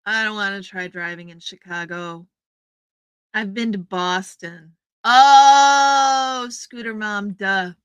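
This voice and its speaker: Woman livestream host, slow and clear, greets viewers by name, dry close sound. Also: medium pitch, fairly even intonation, pushed and bright, no room sound. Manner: chatty and welcoming, addresses viewers by name. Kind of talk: casual chat reading out viewer comments. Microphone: streaming setup microphone.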